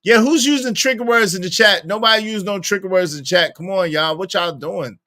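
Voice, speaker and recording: A man's voice: sits high, brisk. A young man hosting a casual livestream, reading the chat aloud and teasing viewers with lots of repetition. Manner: animated, teasing, repeats lines to the chat.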